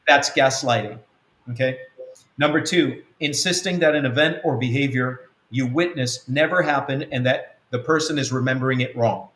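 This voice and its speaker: A man's voice: medium pitch, moderate pace, a bit bright, reverberant. A man, an apostle of a web church, teaching earnestly through a numbered list of points, often restarting his sentences. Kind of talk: teaching talk answering a question.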